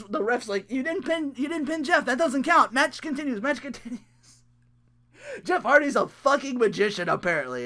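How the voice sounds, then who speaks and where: A young man with a lively, bouncing voice recaps a wrestling match on his own show. His tone is bright and forceful, and he rambles, swears freely, laughs often and trails off mid-sentence. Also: a little high. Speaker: wrestling reaction vlogger. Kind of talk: excited casual recap.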